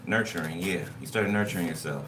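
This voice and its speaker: A man with a low voice talks fairly quickly, giving a loose, conversational tarot reading and checking in with his listeners often. The recording is noisy.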